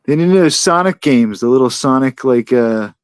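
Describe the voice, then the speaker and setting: A man in a casual group chat, making jokes and short quick comments. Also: mid-range voice, expressive, smooth, no echo, studio quality. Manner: jokey, quick interjections, laughs often. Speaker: podcast co-host.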